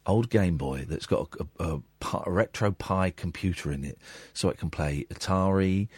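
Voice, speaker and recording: A man's voice: sits low, normal speed, darkish tone, husky, no echo. A male radio host, blunt and argumentative with a caller. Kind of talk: phone-in radio talk. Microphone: studio microphone.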